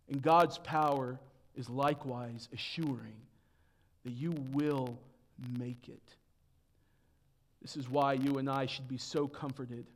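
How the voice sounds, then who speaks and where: A man preaching a sermon as pastor, dropping to hushed tones and then building to loud, emphatic peaks. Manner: swings from hushed to booming emphasis.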